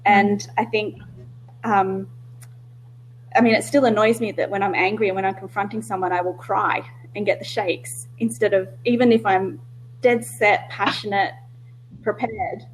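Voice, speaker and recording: A woman's voice: mid-range voice, fairly even intonation, moderate pace, slight background noise, poor audio. A woman in a casual online discussion, speaking candidly, often losing her thread and laughing at herself. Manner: candid, self-interrupting, laughs easily. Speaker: discussion participant.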